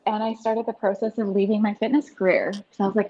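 A woman in her thirties, a podcast guest, telling her story in an earnest, animated way with lots of "like". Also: mid-range voice, fast, few pauses. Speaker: podcast guest, breathwork facilitator. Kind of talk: casual interview storytelling. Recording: dull lo-fi sound.

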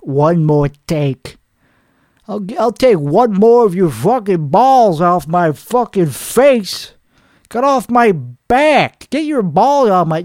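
A man playing a crude, boastful male singer, talking in a hoarse voice with a rambling, profane, cocky manner in a comedic character monologue. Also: sits high, a little mellow, dry recording, studio quality, full character voice. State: hoarse from singing.

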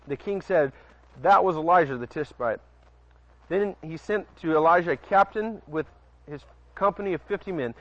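In a dull lo-fi recording with no room sound, a man with a fairly high voice preaches casually at normal speed outdoors at night near a porch. He reads from the Bible, stumbles over words often and adds conversational remarks to listeners.

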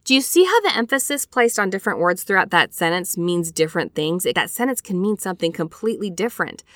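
A woman's voice: on the low side, expressive, quick pace, hardly any pauses, fairly bright tone, no echo, studio quality. A woman hosting a casual scripture study lesson, talking in a chatty, conversational way and checking in with her listeners through rhetorical questions. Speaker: podcast host teaching scripture.

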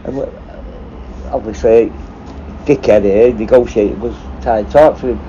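In a low, steady, dark voice at normal speed, a man who used to work as a prison officer rambles through anecdotes and swears nonstop. It's casual storytelling, captured on a dull lo-fi recording with a little background noise.

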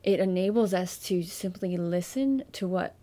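A woman's voice: fairly low pitch, moderate pace, mellow. A woman in casual faith conversation, earnestly walking a listener through steps of prayer.

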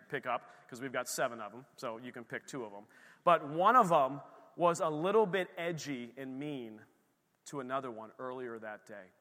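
A middle-aged man preaching a sermon as pastor, swinging between loud emphatic lines and hushed storytelling. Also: a little high. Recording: long hall reverb.

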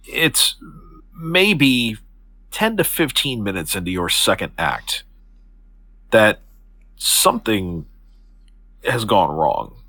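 A man's voice: lowish voice, very animated, slow pace, long pauses, pushed and bright, husky. A man narrating as game master of a tabletop game, with a hesitant, filler-heavy delivery.

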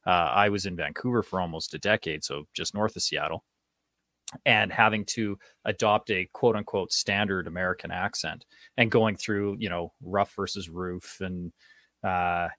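A man's voice: sits low, moderate pace, bright, forceful tone, no room sound, clean studio sound. A Canadian man, an actor, chatting casually in an interview with a rambling manner and many fillers. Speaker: actor guest.

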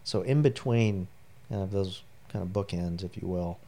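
A middle-aged man with a lowish, gravelly voice tells family stories as a guest on a long interview. He rambles in a heartfelt way, full of ums and you-knows. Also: normal speed, mellow. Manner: rambling, heartfelt storyteller with many fillers. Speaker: guest, military veteran. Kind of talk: personal storytelling in a long interview.

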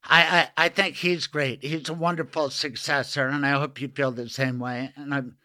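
A man's voice: medium pitch, steady tone, normal speed, pushed and bright. An older man hosting a podcast, talking earnestly and emotionally in a rambling way. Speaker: podcast host. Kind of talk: casual interview conversation.

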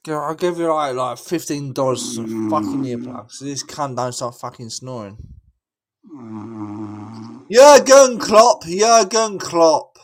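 A man's voice: mid-range voice, normal speed, few pauses. A young drunk man with an English accent, slurring rowdy, crude banter in a casual voice chat.

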